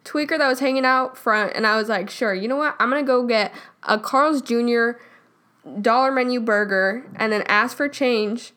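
A young American woman chatting on a podcast with a friend, pitched a little high. She tells her stories with energy and acts out what other people said. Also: normal speed. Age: young adult. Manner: animated storytelling, quotes people in her stories. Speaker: podcast co-host. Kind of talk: casual chat.

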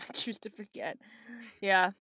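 A woman's voice: mid-range voice, fairly even intonation, measured pace, sharp tone, breathy edge, dry recording, clean studio sound. A woman co-hosting a podcast in casual book-club chat, talking with lots of fillers and offhand swearing. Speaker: podcast co-host.

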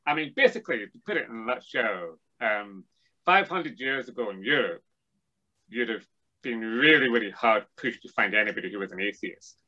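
A man's voice: mid-range voice, sharp tone, muffled recording. A man as an interview guest, explaining ideas in a discursive, lecturing way with frequent restarts. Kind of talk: thoughtful academic discussion.

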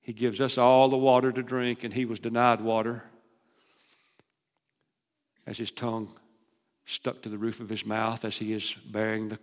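Emphatic preacher in reverberant hall. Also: male voice, medium pitch, level tone, normal speed, pauses often. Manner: emphatic, swings between loud declarations and hushed asides. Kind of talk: sermon.

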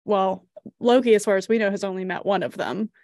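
A woman co-hosting a casual movie podcast, who retells scenes in an animated way and laughs often. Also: mid-range voice, brisk, no room sound, studio quality. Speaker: podcast co-host.

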